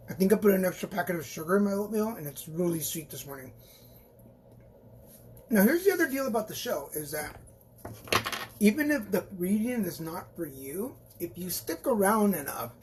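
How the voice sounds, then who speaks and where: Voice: medium pitch, a little mellow, slight background noise. A tarot reader doing a live-stream reading for viewers, chatty and rambling, with frequent restarts and playful asides, encouraging and reassuring, recorded on a phone.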